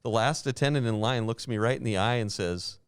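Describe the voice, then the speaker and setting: A man hosting a podcast, telling a travel story in a lively way, acting out what others said and laughing often. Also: mid-range voice, brisk, heavy background noise. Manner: animated, acts out quoted voices, laughs often. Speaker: podcast host. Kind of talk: casual storytelling.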